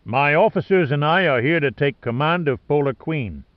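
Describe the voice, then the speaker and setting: A man's voice: fairly high pitch, expressive, normal speed, no echo, natural voice. A man voicing a big, ruddy male ship captain who talks in an effusive, exclaiming way. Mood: formal. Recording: dull lo-fi dry recording.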